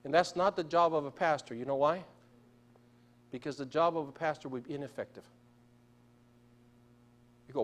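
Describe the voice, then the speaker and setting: Man, high-pitched voice, church sermon, storyteller. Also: normal speed, long pauses. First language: Spanish. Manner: storytelling, asks the congregation questions. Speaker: preacher. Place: church sanctuary.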